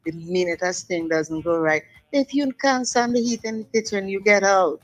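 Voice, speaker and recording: A woman's voice: mid-range voice, normal speed, rough recording. Older woman caller giving firm advice. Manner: forceful, preachy advice with local dialect grammar. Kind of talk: call-in radio talk.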